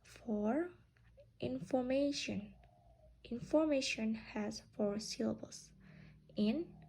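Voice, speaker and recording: A young woman giving a class presentation as a student, speaking in a slow, drawn-out teaching manner. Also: on the high side, creaky, a little mellow, rough recording.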